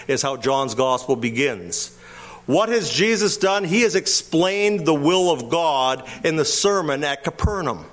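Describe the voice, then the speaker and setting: A man preaches through a passage verse by verse. His voice sits a little high, and he leans on emphasis, firing rhetorical questions at his listeners. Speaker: pastor. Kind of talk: expository sermon.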